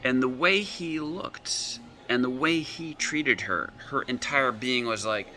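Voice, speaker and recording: A man's voice: medium pitch, takes it slowly, hardly any pauses, pushed and bright, soft background music. A male coach telling client stories, acting out their quoted words as back-and-forth dialogue. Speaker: emotional reset coach. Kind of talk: storytelling talk with client examples.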